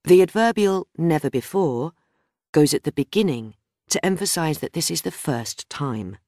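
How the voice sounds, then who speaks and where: A woman reading a scripted grammar lesson in a measured, explanatory way. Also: low-pitched, expressive, dark tone, no room sound, clean studio sound. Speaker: grammar teacher. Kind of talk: scripted instructional narration.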